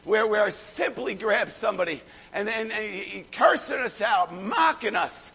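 A hoarse male pastor preaching a fervent sermon, shouting at the peaks and calling out to the crowd. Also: sits high, expressive, normal speed. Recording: echoey hall, dull lo-fi sound.

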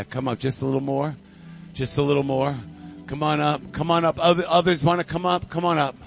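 A man's voice: mid-range voice, vocal fry, dull audio. A man preaching a sermon to his congregation, a fervent storyteller who repeats phrases and calls people forward. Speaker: pastor. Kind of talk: sermon with altar call. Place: church sanctuary.

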